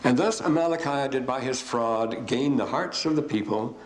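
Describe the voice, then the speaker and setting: An older man giving a rambling, digressive classroom lecture with frequent pauses. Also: medium pitch. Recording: echoey room, faint hiss.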